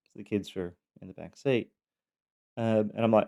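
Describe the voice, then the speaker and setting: A man telling his personal story, speaking haltingly with many pauses and restarts. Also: fairly low pitch, fairly even intonation, creaky, warm tone.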